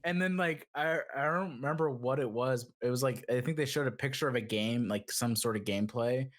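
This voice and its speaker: A man's voice: mid-range voice, a little fast. A young man co-hosting a gaming podcast in casual chat, rambling with lots of "like" and mocking impressions. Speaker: podcast co-host.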